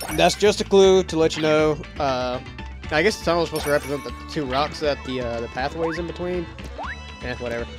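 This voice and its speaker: Southern young man rambling over gameplay. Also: mid-range voice. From Mississippi. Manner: rambling, self-deprecating, offhand. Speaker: let's play host. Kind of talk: casual gameplay commentary. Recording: game music under the voice.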